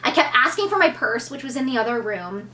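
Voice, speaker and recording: A woman in her thirties telling a personal story to camera in a candid, animated way, acting out what people said. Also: fairly high pitch, brisk, recorded from a distance. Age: 30s. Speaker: vlogger.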